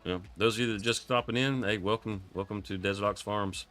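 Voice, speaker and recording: Streamer, male, very low but bright voice, froggy, laid-back and rambling, music faint behind. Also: fairly even intonation, fast. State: froggy from coughing. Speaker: live streamer playing a farming game. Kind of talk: casual gameplay commentary.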